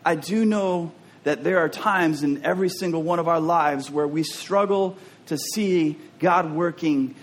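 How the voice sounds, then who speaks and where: A man preaching a sermon as a pastor, talking in an earnest, openly personal way and often repeating words as he restarts. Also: high voice.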